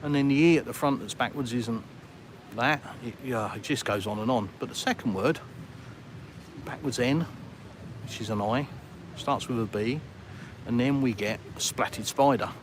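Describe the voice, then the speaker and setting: This walking vlog features a man from Britain chatting to live viewers on a busy town street, the background noisy with traffic. Rambling and self-deprecating, he speaks British English in a mid-range voice at normal speed, pausing often.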